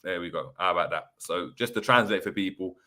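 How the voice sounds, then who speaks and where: A man hosting a casual football livestream, chatty and relaxed with lots of fillers. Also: sits low, brisk. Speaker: host.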